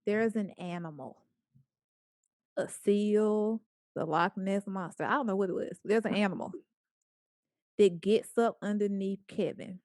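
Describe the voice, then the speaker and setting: A woman speaker telling a story to a small group in a lively, playful way, acting out the lines of the people in it. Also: mid-range voice, measured pace, pauses often, no echo, studio quality. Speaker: guest speaker.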